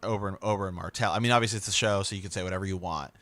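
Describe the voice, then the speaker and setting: A man's voice: low-pitched, very fast, no echo. A man co-hosting a podcast, chatting casually about a book and reading passages aloud. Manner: reads passages aloud, agreeable, animated asides. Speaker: podcast co-host.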